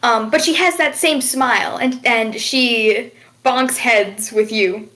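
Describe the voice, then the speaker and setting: A woman's voice: on the high side, takes it slowly, fairly bright tone. A woman narrating as game master of a tabletop game, laughing often and swearing casually.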